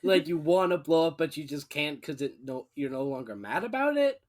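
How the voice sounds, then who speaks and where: A man's voice: on the high side, very animated, moderate pace. A man co-hosting a podcast, chatting casually in a laid-back, playful, joking way. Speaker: podcast co-host. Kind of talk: casual chat.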